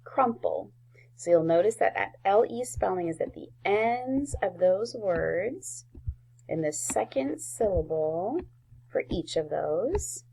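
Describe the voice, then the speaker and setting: A woman teaching a recorded phonics lesson to first graders, sounding out words slowly and clearly with gentle encouragement. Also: medium pitch, expressive, a little hiss or hum.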